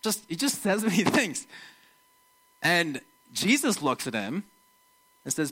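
A man gives a relaxed, chatty sermon in a bright, ringing voice pitched a little above average. He slips into short impressions of the people in his stories. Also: takes it slowly, pauses often, breathy edge, low-quality recording. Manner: conversational, animated, acts out quotes. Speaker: preacher.

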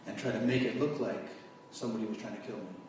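A man's voice: on the low side, quick pace, darkish tone, slight background noise. A man giving his testimony as a sermon, telling his story and raising his voice at its peaks. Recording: echoey hall from far off.

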